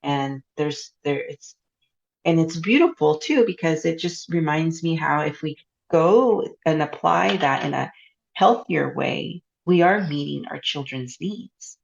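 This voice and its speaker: A woman's voice: low-pitched, animated, a little slow, creaky, dull audio. A woman hosting an interview, asking reflective questions and affirming her guest. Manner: reflective, with frequent affirming murmurs. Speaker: host. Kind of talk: casual interview chat.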